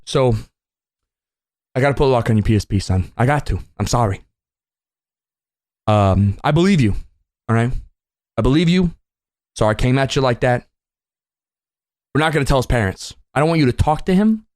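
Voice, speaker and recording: Deep gruff father voice, angry middle-aged dad, exasperated lecturing, put on by a man. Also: darkish tone, dry recording, studio quality, close to an everyday voice. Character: stern angry middle-aged father scolding his son.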